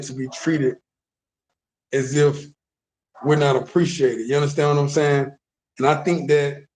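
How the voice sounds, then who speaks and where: Deep-voiced man ranting to his viewers. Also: a little mellow. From United States. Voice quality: deep, bassy voice. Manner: emphatic, repeats words, stops for "you understand what I'm saying". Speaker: vlogger. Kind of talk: casual monologue to viewers.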